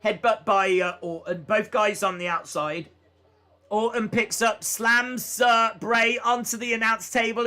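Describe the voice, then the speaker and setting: Calling wrestling moves live on a watch-along stream, a young man reads viewer chat out loud and talks casually, saying "uh" a lot. His voice sits high with a bright, forceful tone and fairly even intonation, and he speaks a little slowly.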